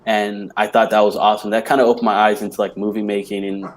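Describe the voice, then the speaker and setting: A man's voice: on the low side, flat delivery, quick pace. A man as a podcast guest in casual chat, talking with many "like" fillers and laughing easily.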